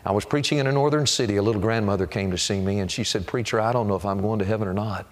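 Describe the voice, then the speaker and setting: A man preaching a revival sermon, pleading and repeating his questions, telling stories with dramatic pauses. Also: on the low side. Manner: pleading, repetitive, dramatic storytelling. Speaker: evangelist preacher.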